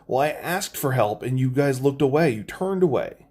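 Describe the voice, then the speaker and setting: A man's voice: mid-range voice, a little fast, a little mellow. A man vlogging from home, making an earnest, emotional plea to his viewers. He rambles, with many ums and restarts. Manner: earnest, rambling, with frequent ums and self-corrections. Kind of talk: emotional personal plea to camera. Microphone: phone or camera mic, adjusting it while talking.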